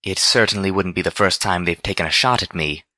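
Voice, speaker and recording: A man reading a storybook voices a refined, proud unicorn mare who speaks in a prim, measured way. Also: low-pitched, sharp tone, no room sound. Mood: stubborn.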